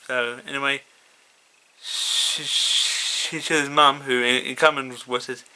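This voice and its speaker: A man casually reading his own fan story, halting and stuttering with many fillers. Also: medium pitch, fairly even intonation, bright, forceful tone, clear, resonant tone. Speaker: fan fiction reader.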